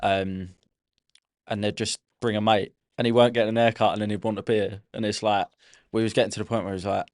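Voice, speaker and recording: A man with a lowish voice hosts a relaxed podcast chat. The sound is close and dry, with no room around it. He talks in an easygoing way and nods along with his guest. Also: fast, dry recording. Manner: easygoing, affirming, laughs along. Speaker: podcast host, barber. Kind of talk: casual chat.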